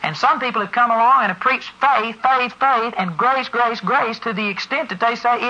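A preacher delivers a forceful sermon, pressing each point and spelling words out letter by letter. The voice is bright and sharp-edged. The church recording sounds dull and lo-fi. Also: mid-range voice, normal speed, few pauses. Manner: emphatic, spells words out for stress. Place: church service before a congregation.

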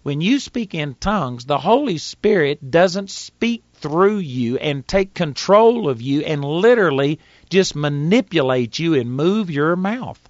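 A man's voice: fairly high pitch, expressive, unhurried, hardly any pauses, no echo, lo-fi sound. A man with a Texas accent, teaching from the Bible in a folksy, plainspoken sermon and reading scripture aloud. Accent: Texan. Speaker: preacher.

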